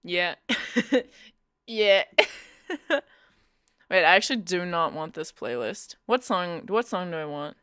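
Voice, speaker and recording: A woman's voice: on the low side, lively intonation, slow, long pauses, a bit bright, smooth, dry recording, clean studio sound. A young woman chatting casually with her live-stream audience, playful and teasing, laughing often. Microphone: Bluetooth headphones.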